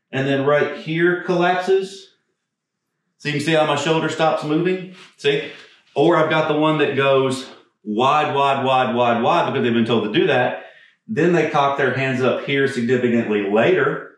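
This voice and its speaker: Out-of-breath golf coach, echoey distant sound. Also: male voice, mid-range voice. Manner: casual, blunt, swears, demonstrating while talking. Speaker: golf instructor. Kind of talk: on-camera swing demonstration.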